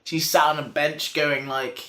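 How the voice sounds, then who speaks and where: Man podcast co-host, casual recap, slightly high voice, bright tone, jokey. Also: level tone, unhurried. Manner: swearing, joking, acting out quotes. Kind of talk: casual chat recapping an episode.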